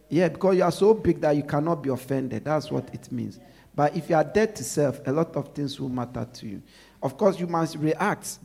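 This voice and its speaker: A man's voice: a little high, vocal fry, warm tone. A male preacher giving a sermon, repeating his points with emphasis and asking the congregation to finish his sentences.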